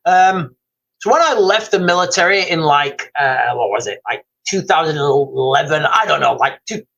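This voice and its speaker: A man's voice: fairly high pitch, expressive, normal speed, gravelly, pushed and bright, dull audio. A man hosting a casual livestream, rambling, repeating himself and reading out viewer comments. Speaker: livestream host. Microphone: streaming mic.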